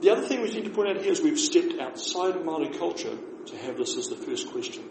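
A man with a New Zealand accent, teaching beginner Māori phrases in a relaxed class, explaining slowly and repeating words for his learners. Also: on the high side. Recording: echoey room with faint noise.

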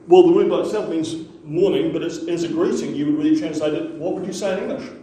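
A man's voice: a little high, fast talker, warm tone, slight background noise. A man teaching a language class, patiently repeating words for the students to echo. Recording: echoey room, mic far off.

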